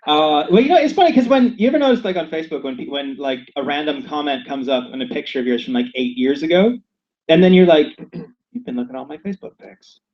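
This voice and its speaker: A man from Saint Louis rambles through a joking podcast chat in a fairly high voice, jumping into excited voices for his stories. The sound is muffled and lo-fi, taped inside a yurt. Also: fast talker. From Saint Louis, USA. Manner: animated, rambling, acts out quotes in high voices. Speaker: podcast co-host. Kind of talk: casual comedic chat. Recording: lo-fi, dull recording.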